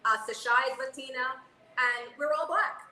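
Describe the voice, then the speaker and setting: A woman in her forties co-hosting a casual panel chat, an animated storyteller who keeps checking in with "okay?". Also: high-pitched, moderate pace, reverberant, poor audio. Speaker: co-host.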